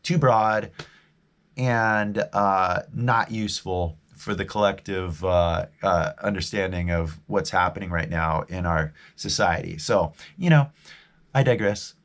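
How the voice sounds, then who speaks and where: A man's voice: deep voice, a little slow, a bit bright. A man with a Californian American accent, chatting casually to viewers on a live stream as an English teacher, rambling and restarting his sentences. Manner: rambling, restarts often, friendly sign-off.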